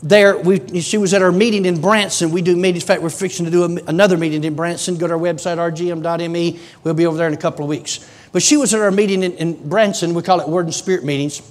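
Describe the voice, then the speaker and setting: High-voiced folksy preacher man. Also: fairly even intonation, quick pace.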